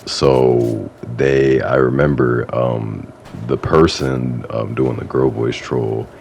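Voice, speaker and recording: A young man with an extremely low, gravelly voice tells a casual story time at an unhurried pace. He rambles and fills every gap with fillers, now and then laughing at himself. Faint noise sits under his console mic. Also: level tone, darkish tone. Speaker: YouTuber. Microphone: console setup mic.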